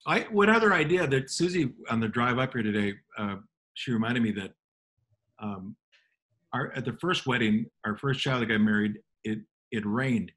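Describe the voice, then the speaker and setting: A middle-aged man, a motivational speaker, telling relaxed self-deprecating anecdotes in conversation. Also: mid-range voice, moderate pace. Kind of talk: storytelling in a radio conversation.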